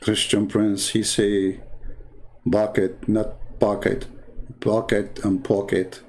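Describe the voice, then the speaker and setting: A man's voice: on the low side, little pitch movement, takes it slowly. A man from the Middle East with an Arabic accent, a native Arabic speaker, hosting a live stream in a mocking, sarcastic rant. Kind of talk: casual livestream monologue.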